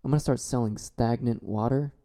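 A man hosting a solo comedy talk show, rambling in a deadpan, absurd way. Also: medium pitch, brisk.

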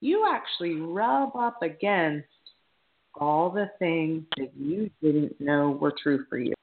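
A woman's voice: sits low, animated, slow, noisy background. Woman podcast co-host chatting loosely and correcting herself mid-thought, on a thin phone-quality line. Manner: rambling, self-correcting, thinks aloud. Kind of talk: casual chat. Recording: tinny phone-like sound.

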